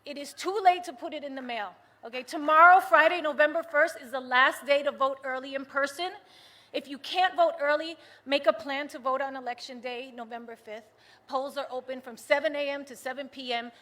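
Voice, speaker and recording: A woman from the United States giving an impassioned political rally speech, moving from hushed, earnest talk to rousing shouts. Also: sits high, fairly even intonation, fairly quick. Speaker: rally speaker. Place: large rally venue with a cheering crowd.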